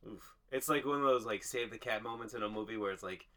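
A man's voice: fairly low pitch, fast talker, fairly bright tone. A man co-hosting a podcast, chatting casually about a film, rambling with restarts and acting out characters. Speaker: podcast co-host. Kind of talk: casual movie discussion.

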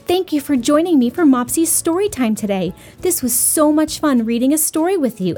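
Storytime host: woman, high lively read-aloud voice for little kids. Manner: bright, sing-song storyteller voice for small children. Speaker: storytime host reading to children.

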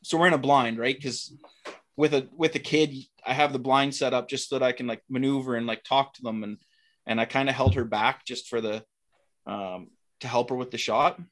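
Man, middle-aged, casual storyteller, animated, quotes the people in his story. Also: mid-range voice, normal speed. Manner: animated, acts out dialogue in quotes. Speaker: guest telling a hunting story.

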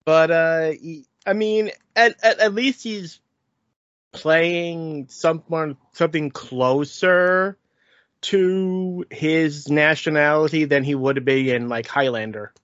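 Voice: medium pitch, slow, fairly bright tone, dry recording, lo-fi sound. A podcast co-host in casual movie chat, dropping dry, wry quips.

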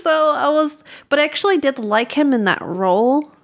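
A woman co-hosting a podcast, chatting casually with relaxed, dry remarks and short replies. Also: high voice, moderate pace. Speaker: podcast co-host. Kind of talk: casual chat.

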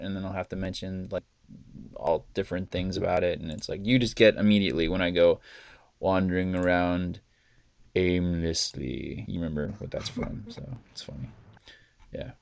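Low-voiced man, animated podcast storyteller. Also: no room sound. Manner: animated storyteller, acts out quotes, laughs often, swears. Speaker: podcast host. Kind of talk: casual chat.

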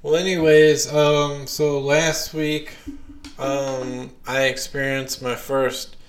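A man's voice: medium pitch, level tone, echoey room. A young man hosting a casual podcast with his wife, talking with many hesitations. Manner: slow, hesitant, many ums. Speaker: podcast host. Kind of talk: casual chat.

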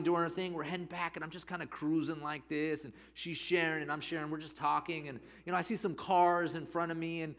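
Bright-voiced man preaching a sermon. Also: high voice. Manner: animated storytelling with rising emphasis. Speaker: pastor. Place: church service.

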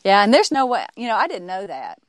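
A woman author and speaker, a guest in an interview, telling stories in a halting way with frequent restarts and fillers. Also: medium pitch, big pitch swings, dry recording, clean studio sound. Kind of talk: casual interview storytelling.

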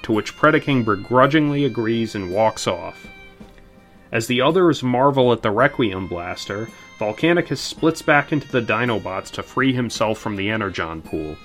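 A male fan podcast host with a mid-range voice, recapping a plot before sliding into rambling, profane chatter packed with fillers. Faint music sits quietly underneath. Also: mid-range voice. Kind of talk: synopsis reading and casual chat.

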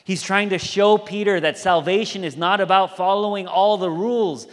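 A man's voice: high voice, steady tone, moderate pace. Man preaching in a reverberant hall. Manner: conversational storytelling, acts out quoted voices. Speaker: pastor. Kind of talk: sermon.

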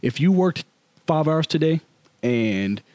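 A man's voice: a little high, expressive, slow pace, darkish tone, dry recording. A man in his thirties, a podcast co-host, telling candid stories in casual chat full of slang. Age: 30s.

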